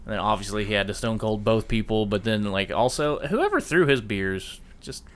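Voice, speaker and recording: A man's voice: on the low side, big pitch swings, normal speed. A man co-hosting a casual chat, rambling and breaking off mid-sentence to mimic what people said. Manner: rambling, self-interrupting, mock-quoting people. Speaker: podcast co-host. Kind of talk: casual chat about wrestling.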